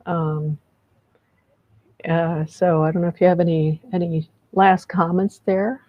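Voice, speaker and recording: A woman leading a group energy clearing over a video call, speaking softly and encouragingly, meandering with frequent restarts. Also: lowish voice, flat delivery, measured pace, no echo, muffled recording.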